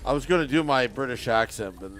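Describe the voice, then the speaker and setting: A man's voice: medium pitch, expressive, fast talker, a bit bright. A man co-hosting a sports podcast, trading playful, teasing banter. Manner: teasing, playful trash talk. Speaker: podcast co-host. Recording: music playing under the voice.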